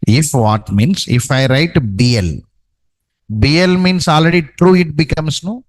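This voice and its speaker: A man's voice: on the high side, a little slow, no echo, low-quality recording. A man teaching a programming class, dictating code and checking in with "no?" and "okay, right". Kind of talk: live coding lesson.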